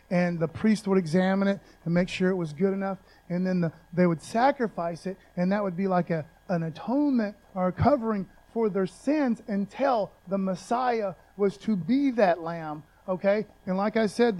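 A man's voice: high-pitched, a little mellow, rough recording. A man preaching a casual, conversational sermon, using loose slang and often checking in with his listeners.

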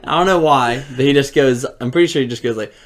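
A man's voice: medium pitch, fast talker. A young man, a podcast co-host, telling a funny story in casual chat and laughing as he goes. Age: young adult. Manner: animated, laughs through his own story.

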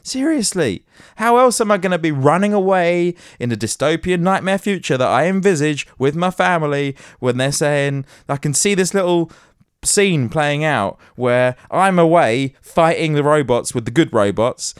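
Male host, brisk news reader with a jokey streak, voice slightly high and very smooth, close and dry. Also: animated, no echo. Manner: playful, jokey, theatrical. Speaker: podcast host. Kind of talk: news reading with comic asides.

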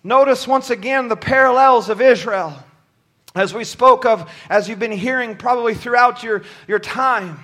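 A man preaching a sermon from a church pulpit, shouting at times and dropping low at others, often stumbling over his words. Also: moderate pace. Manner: impassioned, swings from shouting to near-quiet.

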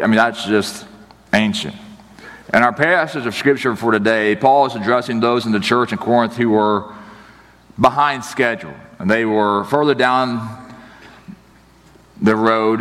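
A man's voice: on the low side, big-room sound. A man pastor in his thirties giving a sermon in a chatty, storytelling way, acting out the people in his stories. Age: 30s. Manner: conversational storytelling, animated.

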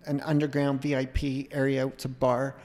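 A middle-aged man, a podcast guest, telling a long casual anecdote in a rambling, animated way, often breaking off and restarting. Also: mid-range voice, normal speed, in a large hall. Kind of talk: casual storytelling.

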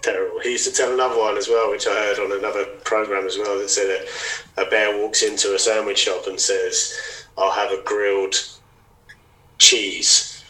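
A man's voice: on the low side, brisk, poor audio. An English man hosting a podcast, chatting casually and telling long anecdotes and jokes at an easy pace. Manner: relaxed storyteller, retells jokes at length. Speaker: podcast host. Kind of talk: casual chat.

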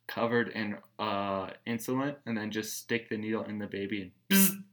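Joking young man, bright voice. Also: lowish voice, animated, normal speed. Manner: joking, laughs often, slangy. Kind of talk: casual podcast chat.

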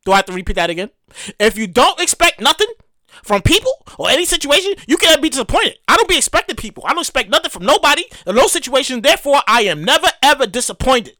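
A woman hosting her own comedy podcast, ranting in a profane and animated way and repeating phrases for comic effect. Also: high voice, quick pace, no echo. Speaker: podcast host. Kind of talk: solo comedic podcast rant.

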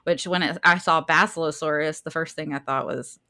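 A woman with a Southern American accent co-hosts a casual podcast, reading her research in a low, steady, bright, and forceful voice at a brisk pace. She's chatty, laughs easily, and occasionally trips over a hard word.

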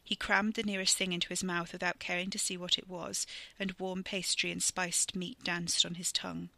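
Very bright, gravelly story narrator. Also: mid-range voice, moderate pace, no echo. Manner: vivid, steady storytelling. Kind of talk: scripted narration.

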